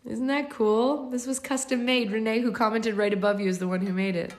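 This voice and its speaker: Hoarse, gravelly woman on a live stream. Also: medium pitch, fast talker, faint music behind. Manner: chatty, rambling, playful. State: hoarse, losing her voice. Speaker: book club livestream host. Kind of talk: reading aloud and casual chat. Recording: roomy echo.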